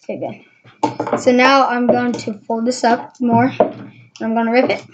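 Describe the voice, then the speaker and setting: A woman casually demonstrates magic tricks, rambling and hesitating as she goes in this how-to tutorial. She speaks at a moderate pace in a level tone, her voice on the high side. The audio is dull and lo-fi, with faint noise.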